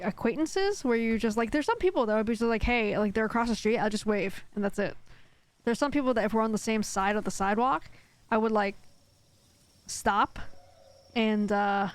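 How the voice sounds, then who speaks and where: This woman's smooth voice is medium in pitch. While gaming on a live stream she chats and rambles, filling her speech with filler words and answering the chat after reading it aloud.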